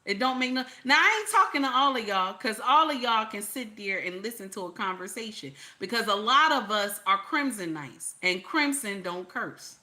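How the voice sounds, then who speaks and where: A woman with a bright, ringing voice talks back at the clips she plays. She curses freely and hammers each point by saying it twice or three times, in the loose flow of casual commentary. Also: medium pitch, animated, moderate pace, hardly any pauses. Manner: blunt, cursing, repeats herself for emphasis. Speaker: reaction channel host. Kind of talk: profane commentary over clips.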